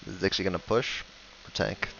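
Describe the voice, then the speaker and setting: A man's voice: deep voice, steady tone, quick pace, creaky, fairly bright tone, slight background noise. A man asking questions on a trading stream in a drawling, teasing way, heard over a dull lo-fi online call. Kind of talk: casual chat.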